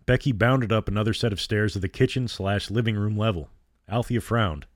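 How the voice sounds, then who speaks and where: A man narrating a horror story in a measured way, reading all the characters' lines himself. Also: on the low side, no echo, studio quality.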